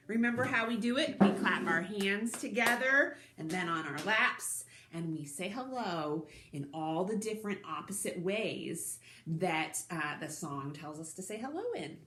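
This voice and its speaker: A cheerful woman runs a children's story time, reading a picture book aloud and pausing to ask the little listeners questions. She talks slowly and clearly to them. Her voice has a roomy echo around it. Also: mid-range voice, lively intonation, sharp tone, a little hiss or hum. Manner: cheerful, speaks directly to young children. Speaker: children's librarian. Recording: roomy echoey recording.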